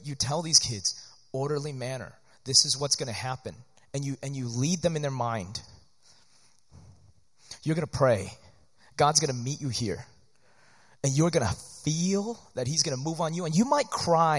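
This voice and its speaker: Earnest pastor guy, slightly high voice, big echoey church hall, keeps saying right?. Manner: earnest, animated, conversational with frequent "right?". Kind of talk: sermon-style teaching to church workers. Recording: long hall reverb.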